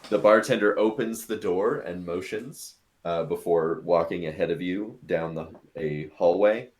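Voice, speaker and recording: Deep-voiced man running a tabletop game. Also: unhurried. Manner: relaxed, casual narration with fillers. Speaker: game master.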